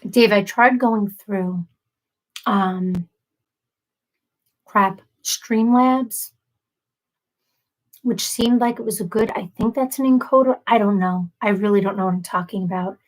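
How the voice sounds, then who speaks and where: A woman's voice: medium pitch, steady tone, unhurried, long pauses, poor audio. A woman in her thirties chatting casually with viewers on a livestream, apologetic and self-deprecating. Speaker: livestream host.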